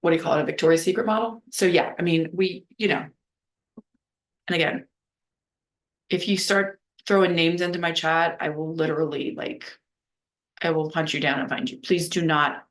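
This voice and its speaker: A woman from New Orleans with a slightly low voice tells her own story straight to the camera. She rambles and leans on "like" constantly, and she swears bluntly when something matters to her. It sounds like unscripted vlog talk. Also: fairly even intonation, normal speed, pauses often. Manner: rambling, heavy use of "like", blunt and profane. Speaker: vlogger. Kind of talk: candid personal storytelling.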